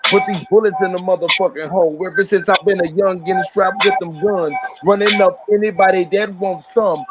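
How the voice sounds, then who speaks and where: A man with a high voice raps aggressive street bars and talks casually in between. His mic sounds muffled and dull, and a loud beat plays under him. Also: steady tone, brisk, loud music behind the voice. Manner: aggressive street bars, profane, calls everyone "bro". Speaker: fellow freestyle rapper. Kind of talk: freestyle rap and casual stream chat. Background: loud hip-hop beat.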